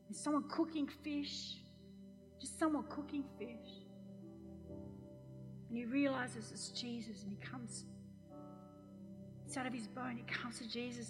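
A woman pastor preaching a sermon, telling a story with animated acted-out quotes. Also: sits high, in a large hall.

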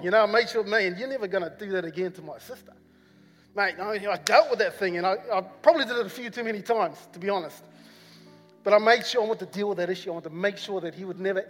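A man's voice: high voice, a bit bright. A man from New Zealand with a New Zealand accent, preaching a sermon as a rambling personal story full of fillers and repeats. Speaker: pastor. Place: church hall. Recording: long church hall reverb with faint music.

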